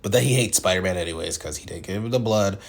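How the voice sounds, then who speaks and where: Fast and creaky, with a low voice, a male film reviewer offers loose, opinion-heavy commentary on movies, wandering off and frequently starting sentences over.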